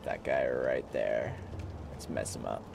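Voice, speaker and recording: A man streaming a video game, commenting live, excitable, talking to the enemies he fights and bursting into exclamations. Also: extremely low pitch, a little slow, gravelly. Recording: game music loud under the voice. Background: game music.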